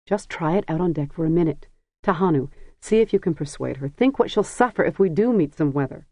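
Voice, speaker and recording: A narrator voicing a brisk, no-nonsense mother who speaks firmly and scolds. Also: on the low side, lively intonation, dark tone, no echo. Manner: firm, scolding.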